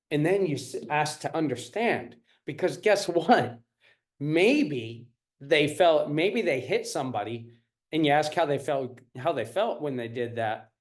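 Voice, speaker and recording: A man's voice: on the high side, expressive, measured pace. A man teaching a live-streamed parenting class. He repeats his points and keeps checking in with the audience. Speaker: parenting coach.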